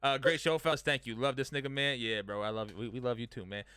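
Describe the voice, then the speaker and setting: A man hosts a loose, joking group podcast, talking quickly and laughing often. His voice is bright and crisp, and the room sounds dry. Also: medium pitch, fairly even intonation, no room sound. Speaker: podcast host. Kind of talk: casual group chat. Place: studio room with several guests.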